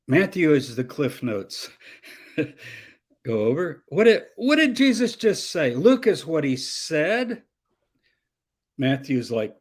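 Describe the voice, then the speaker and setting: A man teaching like a professor in an interview, explaining scripture passages with lively quoted voices. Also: on the high side.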